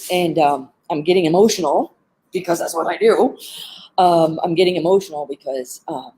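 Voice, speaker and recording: Earnest woman trainer with a low voice. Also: big pitch swings, normal speed, warm tone, a little hiss or hum, low-quality recording. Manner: earnest and heartfelt, with frequent "um" fillers. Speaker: animal behavior trainer. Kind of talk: live-streamed talk with advice. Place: animal center, sitting among birds.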